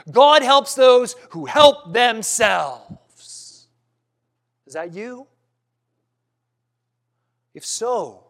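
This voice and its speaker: A man preaching a sermon, earnest and questioning, with dramatic pauses and some restarts. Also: high voice.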